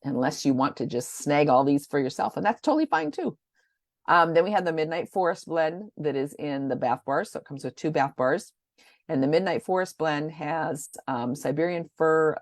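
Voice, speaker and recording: A woman with a low, gravelly voice rambles chattily through a casual product rundown. She stumbles over names and goes back to correct herself. The sound is close and dry. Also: no echo. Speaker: essential oil presenter.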